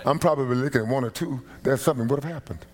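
A man's voice: medium pitch, very fast. A middle-aged man preaching a sermon as pastor in a church, building to emphatic bursts of emphasis. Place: church sanctuary.

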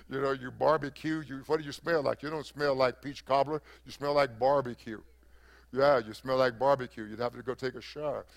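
A man's voice: mid-range voice, fairly even intonation, moderate pace, creaky, pauses often. An older man, a pastor, preaching a sermon with rising emphasis, often stopping for fillers and restarts.

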